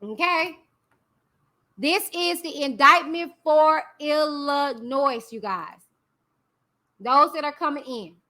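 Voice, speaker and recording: A woman's voice: high-pitched, bright, forceful tone. A woman reading a court document aloud on a casual live stream, breaking off to chat with viewers and hum her reactions. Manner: chatty, reacts with drawn-out hums.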